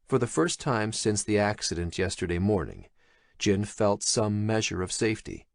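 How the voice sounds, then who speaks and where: A man narrates a thriller audiobook, his low voice moving expressively through the lines. He reads in a measured way. The recording is close and dry. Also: very animated, creaky, no echo. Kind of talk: scripted horror thriller narration.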